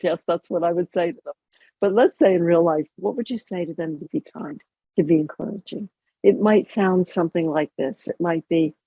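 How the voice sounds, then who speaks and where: A middle-aged woman chaplain teaches in a gentle, conversational way, slipping into the voices she quotes. Her voice is husky with a gravelly edge, at a middling pitch. The sound is dry and tinny, like a call heard over a phone line. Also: no echo. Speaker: chaplain and educator. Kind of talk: guided teaching talk on self-compassion.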